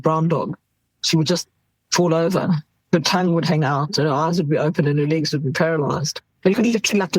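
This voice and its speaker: Middle-aged South African woman, ER doctor guest; husky, candid, animated storyteller, dry close sound. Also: low voice, dry recording, poor audio. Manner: animated, laughs while telling stories.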